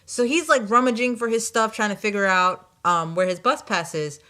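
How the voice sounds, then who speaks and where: A young woman with a bright, clear voice tells a story from her day in an animated, exasperated way. She keeps slipping into the voices of the people she met. It is casual vlog storytelling. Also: mid-range voice, normal speed. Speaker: vlogger.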